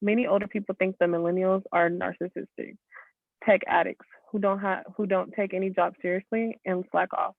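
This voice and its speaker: Gravelly young man reading aloud. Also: high-pitched, level tone, brisk, no room sound, phone-quality sound. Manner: stumbles and corrects slips. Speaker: student.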